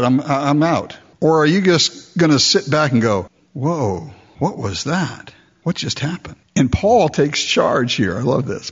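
A man preaching a sermon, explaining the text with animated asides and mocking voices. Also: mid-range voice, husky. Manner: lively expository preaching with mock voices and asides. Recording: dull lo-fi recording.

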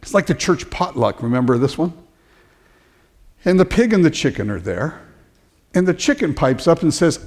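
A man preaching a sermon as pastor, animated, often restarting words and acting out the people he quotes. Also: a little high, moderate pace, pauses often.

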